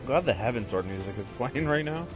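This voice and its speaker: Wry man chatting lively over gameplay. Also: mid-range voice, brisk, over music. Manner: lively, wry, swears casually. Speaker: let's play co-host. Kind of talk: casual gameplay chat.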